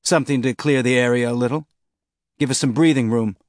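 A man voicing a calm, professional male soldier who talks in laconic, understated remarks. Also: mid-range voice, brisk, dry recording, studio quality, lightly acted.

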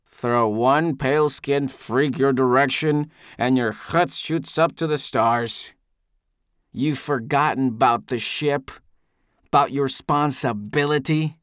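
A man's voice: medium pitch, slow, fairly bright tone, smooth, no echo, studio quality. A man voicing a bitter, drunken older male ship leader who mocks and snarls. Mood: mocking. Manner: mocking, snarling.

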